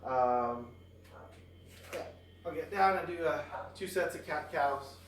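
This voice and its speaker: A man's voice: on the high side, slow pace, distant mic, a little hiss or hum. Tired man vlogging from across a roomy space. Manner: relaxed, rambling, many fillers. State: tired after exercise. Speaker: fitness vlogger. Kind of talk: casual exercise vlog. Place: at home near a backyard.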